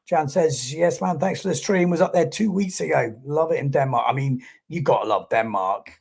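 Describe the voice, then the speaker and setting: A man's voice: a little high, normal speed, creaky, a little mellow, husky. A man giving chatty live commentary on a sports stream and reading out viewer comments.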